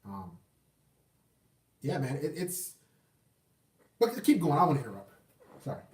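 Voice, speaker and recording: A man's voice: medium pitch, big pitch swings, a little slow, recorded from a distance. Blunt, profane man hosting a call-in stream. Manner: blunt, profane, pleading with callers. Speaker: call-in show host. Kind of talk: casual live-stream call-in talk. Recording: echoey room, off-mic.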